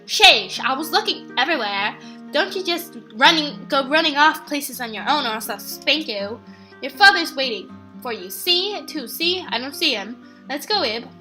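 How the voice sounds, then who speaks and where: A woman's voice: high-pitched, expressive, normal speed, bright, forceful tone, soft background music. A woman doing a nagging, scolding mother. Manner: nagging, bossy. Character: fussy, scolding fake mother, adult woman.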